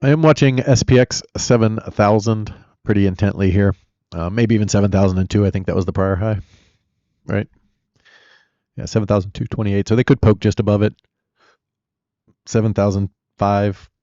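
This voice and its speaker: Low-voiced man hosting a trading stream. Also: steady tone, normal speed, mellow, no room sound, lo-fi sound. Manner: chatty, rambling, answers chat questions; blunt and opinionated. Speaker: live-stream trading host. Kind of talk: casual live-stream commentary.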